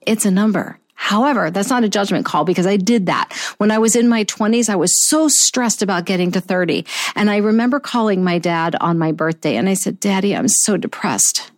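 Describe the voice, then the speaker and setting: A woman in her fifties hosting a motivational talk show, earnest and encouraging, slowing down to stress key phrases. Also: mid-range voice. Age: 50s. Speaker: podcast host.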